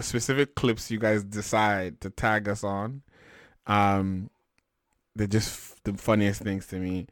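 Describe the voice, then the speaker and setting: A young man hosting a casual talk show, laid-back and animated, with plenty of slang and fillers. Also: on the low side, dry recording, studio quality. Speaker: podcast host. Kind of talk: casual chat.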